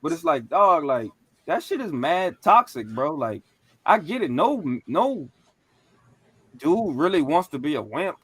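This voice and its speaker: A man on a podcast telling stories in a casual, animated way, full of slang and profanity. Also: fairly high pitch, a little slow, husky, no echo. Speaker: podcast co-host.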